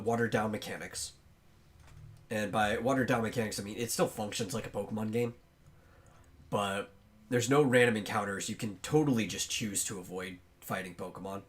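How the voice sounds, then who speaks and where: A man hosting a casual podcast, thinking aloud as he talks, with many pauses and fillers. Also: on the low side. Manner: chews on bread while talking. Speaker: podcast host.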